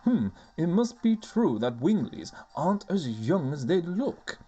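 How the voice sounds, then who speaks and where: A man's voice: a little high, big pitch swings, unhurried, mellow, slightly rough, dull audio, pitched above the performer's own voice, exaggerated voice. A man voicing a prim, silly grown female soldier with a drawling, mock-posh delivery. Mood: musing.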